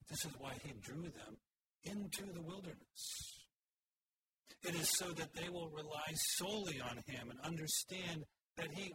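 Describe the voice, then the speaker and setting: A man preaching an earnest, expository sermon. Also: fairly high pitch. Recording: hissy recording.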